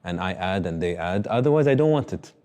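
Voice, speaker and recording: A man hosting an interview, speaking reflectively in short, measured phrases. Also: low voice, animated, mellow. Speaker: interview host. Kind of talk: conversational interview.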